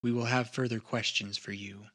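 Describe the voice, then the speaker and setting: A man voicing a composed female wood elf who speaks for her council in measured, formal sentences. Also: medium pitch, fairly even intonation, pushed and bright. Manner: measured, formal diplomatic speech.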